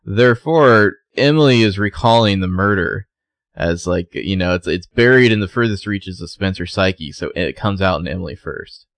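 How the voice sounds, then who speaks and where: A man's voice: low-pitched, lively intonation, fairly bright tone, no room sound. A man co-hosting a casual podcast, retelling scenes and quoting characters. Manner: retells scenes with quick quoted voices. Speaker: podcast co-host recapping a TV episode. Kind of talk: casual chat.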